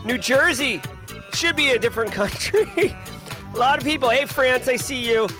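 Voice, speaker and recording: A man hosting a live stream, casually chatting and giving energetic, playful shout-outs to viewers. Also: very high-pitched, normal speed, music in the background. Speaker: livestream host.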